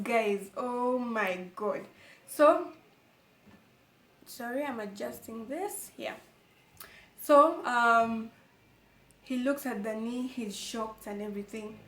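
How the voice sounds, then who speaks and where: Lively young woman telling a story. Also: a little high. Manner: animated storytelling, repeatedly addressing viewers as guys. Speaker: vlogger. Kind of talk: storytime vlog. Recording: echoey room.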